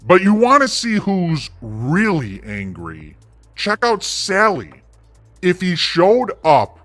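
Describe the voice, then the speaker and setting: A man's voice: on the high side, sing-song, slow pace, fairly bright tone, soft background music. A man hosting his own online commentary, taunting and mocking in a sarcastic tone.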